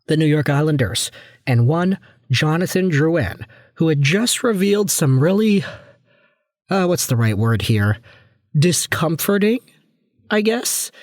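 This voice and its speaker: Hoarse man in casual hockey talk. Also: mid-range voice, a little mellow, no echo, clean studio sound. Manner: chatty, conversational, with frequent asides. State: hoarse from a viral infection. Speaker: hockey YouTuber. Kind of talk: casual sports commentary.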